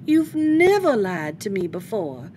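Woman voicing a mother bunny, stern, slow and measured, firm. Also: mid-range voice, very animated, dark tone, slight background noise.

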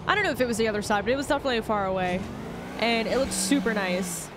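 A woman giving let's play commentary in an excitable, giggly way. Her voice is fairly high. Game sounds are heard behind her. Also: fast talker, noisy background. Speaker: gaming channel host.

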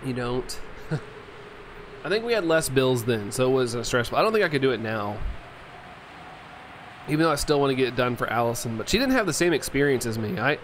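A man's voice: mid-range voice, sing-song, a little fast, pauses often, a bit bright, a little hiss or hum. A young man chatting casually as a game streamer, rambling with lots of fillers and often laughing. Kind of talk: casual chat while playing, reading chat.

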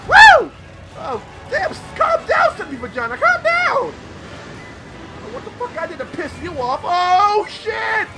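Young male let's-player: very high, animated voice, yelps and swears, game music under him. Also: unhurried, rough recording. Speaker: let's play gamer. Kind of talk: live gameplay commentary. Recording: loud game music behind voice.

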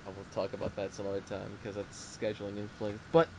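A man's voice: fairly low pitch, little pitch movement, fast talker, vocal fry, noisy background. A man hosting a casual movie podcast, chatty and upbeat. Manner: chatty, upbeat sign-offs. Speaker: podcast host. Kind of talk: casual chat.

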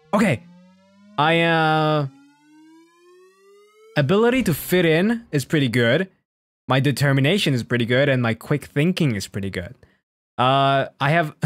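A man's voice: on the high side, no room sound. A man streaming a video game, chatting casually with playful reactions and frequent laughter.

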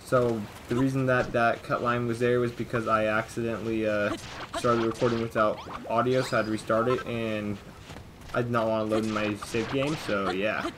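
A man's voice: mid-range voice, steady tone, moderate pace, background noise. Man mumbling casual gameplay commentary. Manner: mumbles to himself, reads game text aloud. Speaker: let's play host.

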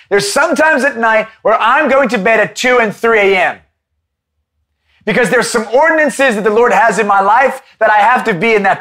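A man preaching an impassioned Bible-study sermon, rising at times to a shout. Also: very high-pitched.

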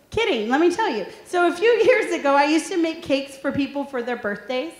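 A woman in her thirties with a high-pitched voice presents a humorous motivational workshop in a large, echoey room with an audience. Talking fairly quickly with hardly any pauses, she tells funny stories in a lively way and asks the audience questions.

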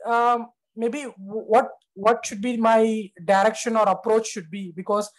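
A man's voice: high-pitched, steady tone, unhurried, rough recording. Hesitant man asking questions on a call. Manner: hesitant, many uhs. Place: online video call.

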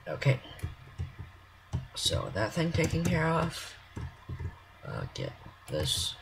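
A man's voice: fairly high pitch, wildly swooping pitch, slow pace, background noise. A man rambling self-consciously in casual commentary while he builds in a game. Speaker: game creator. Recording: clear mouse clicks and typing.

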